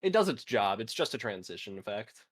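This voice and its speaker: A man's voice: on the low side, very animated, brisk. A man in his twenties chatting casually with a friend, swearing now and then and reading facts aloud. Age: 20s. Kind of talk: casual chat.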